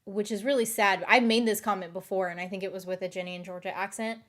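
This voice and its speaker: A woman's voice: medium pitch, steady tone, fast talker. Rambling woman with a light Southern lilt. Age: late 20s. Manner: rambling, hesitant, many fillers. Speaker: streamer. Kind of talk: casual chat.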